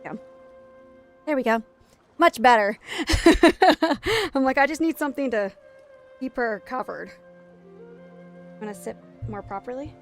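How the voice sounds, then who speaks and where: Streamer mom chatting at home late at night, bit high-pitched, laughs a lot, faint music behind. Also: female voice, animated, a little slow, long pauses. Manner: chatty, laughs often, coos softly to her toddler. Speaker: game streamer and mother. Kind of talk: casual live-stream chat.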